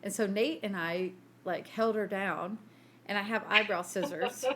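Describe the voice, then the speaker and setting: A woman co-host spins a lively story with frequent laughs and voices for the people in it. Her voice sits at a middling pitch. A faint hiss sits under the recording. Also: unhurried. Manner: animated storyteller, laughs often, acts out quotes. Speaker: podcast co-host. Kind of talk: casual chat.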